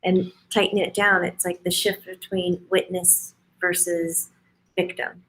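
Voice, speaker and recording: Female host, lower register, effusive interview chat. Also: level tone, a little slow, fairly bright tone, rough recording. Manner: gushing, effusive.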